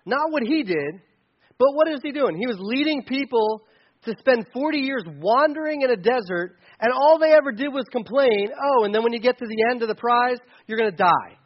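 A man with a fairly high voice preaches in a loose, conversational style, slipping into playful asides along the way. The recording sounds a little dull and lo-fi. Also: lively intonation, moderate pace. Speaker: pastor. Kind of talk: sermon.

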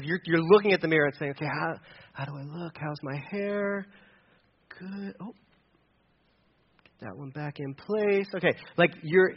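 Male pastor, relaxed sermon delivery, slightly raised pitch, dull lo-fi recording. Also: a little hiss or hum. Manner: conversational, self-deprecating, acts out little scenes.

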